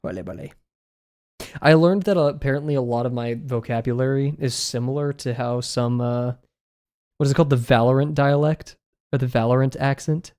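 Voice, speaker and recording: A man's voice: medium pitch, fairly even intonation, brisk, a little mellow. A young man streaming as he draws, chatting casually in a rambling, amused way and often correcting himself. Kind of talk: casual chat while drawing on stream.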